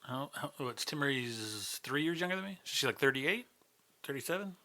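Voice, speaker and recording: A man's voice: mid-range voice, expressive, normal speed, sharp tone. A man in his forties, a comedian guest chatting casually on a podcast, profane and sarcastic. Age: 40s.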